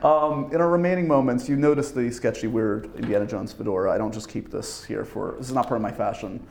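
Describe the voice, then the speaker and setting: A man's voice: mid-range voice, fairly quick, creaky, a little mellow. Playful male interview host. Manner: playful, teasing questions. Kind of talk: casual interview chat. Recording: roomy echo, faint noise.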